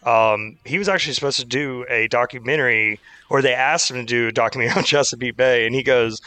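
Guy with a bright voice ranting casually about a horror flick, cussing, dry close mic. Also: medium pitch, fast, no room sound. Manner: animated, swearing, mocking impressions of characters. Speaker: podcast co-host. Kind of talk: casual movie review chat.

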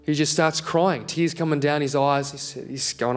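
A young adult man preaching a sermon and telling a personal story in an animated way, laughing at himself as he goes. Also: a little high, moderate pace, soft background music.

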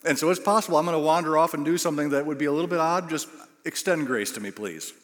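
A middle-aged male pastor delivers a sermon, telling stories against himself and voicing the people in them. His voice sits a bit high for a man. A long reverb trails his words around the large church hall. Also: fast talker. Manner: self-deprecating storytelling with acted quotes.

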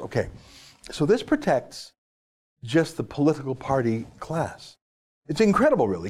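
Lively, emphatic male political commentator. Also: a little high, brisk. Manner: emphatic, sarcastic, reads legal text aloud.

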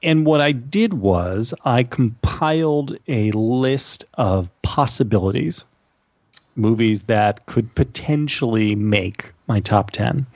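Gravelly-voiced man chatting as a podcast guest. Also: medium pitch, animated, takes it slowly, darkish tone, no echo, highs cut off. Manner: talkative, with many restarts and asides. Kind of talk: casual chat.

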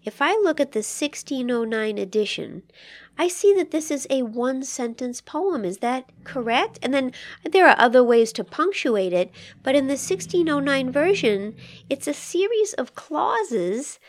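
A woman's voice: sits high, very animated, a little slow. A woman co-hosting a podcast, discussing a poem in a thoughtful, questioning way. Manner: thoughtful, asks probing questions about the poem. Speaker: podcast co-host. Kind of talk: conversational literary discussion.

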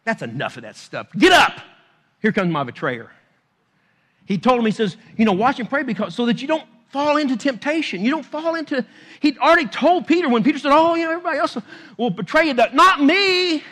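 A man preaching a sermon, moving between hushed, low passages and loud, urgent exhortation, and acting out scripture in everyday paraphrase. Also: expressive, quick pace. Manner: acts out scripture quotes in conversational paraphrase.

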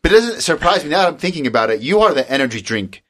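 A man's voice: a little high, rapid-fire. A young man co-hosts in easy, casual conversation. He tells stories with animation and acts out other people's lines. He laughs often as he goes. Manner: animated storyteller, acting out quotes, laughing often. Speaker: podcast co-host. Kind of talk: casual chat.

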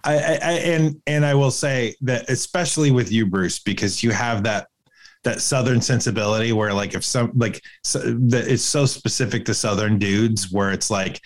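A man from New England co-hosting a podcast, talking in halting stops and restarts. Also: medium pitch. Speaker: podcast co-host. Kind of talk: casual chat.

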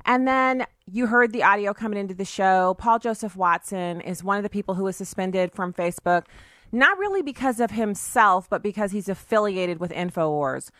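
A woman's voice: mid-range voice, a bit bright, dry recording, clean studio sound. A woman hosting a talk show, delivering an opinionated, emphatic monologue with chatty asides and preachy encouragement.

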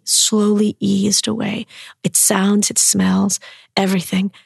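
A Southern American woman tells personal stories in conversation, expressively acting out quoted voices and dropping to whispers. Her medium-pitched voice is gravelly and slightly rough, captured in studio quality with no echo.

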